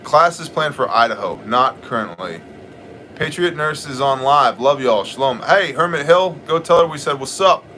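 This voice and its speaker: A man hosting a relaxed livestream, trading jokes with viewers and greeting them by name. His voice sits at a middle pitch, and he slides easily into casual Bible teaching. A faint air conditioner hums in the background. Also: normal speed, a little hiss or hum. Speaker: livestream host. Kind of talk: casual livestream chat, reading viewer comments.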